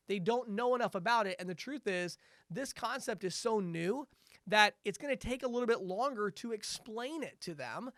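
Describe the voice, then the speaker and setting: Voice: mid-range voice, a bit bright, dry recording, clean studio sound. A sales trainer giving a recorded training lecture, coaching conversationally, repeating words for emphasis, chuckling now and then and acting out quotes from prospects.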